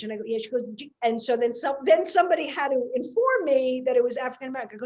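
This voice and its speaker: A woman comedian, telling a story in casual podcast chat, animated and chatty. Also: sits high, fast, few pauses, dull audio.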